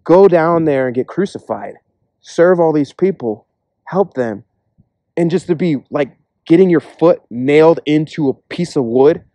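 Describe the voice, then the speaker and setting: A man preaching a casual, earnest sermon, acting out imagined voices in quick asides. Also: on the high side, lively intonation, warm tone, no room sound.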